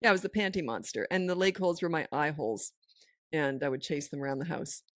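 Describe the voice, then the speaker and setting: A woman's voice: sits low, fast talker, no echo, clean studio sound. A middle-aged woman hosting a parenting podcast, giving advice in a casual, goofy way and laughing often. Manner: goofy, laughs often, acts out voices in stories.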